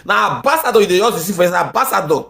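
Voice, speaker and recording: A woman's voice: on the low side, animated, fast talker, creaky, fairly bright tone. A woman with a Nigerian accent ranting angrily in heated social media commentary. She repeats herself often and mixes pidgin with English.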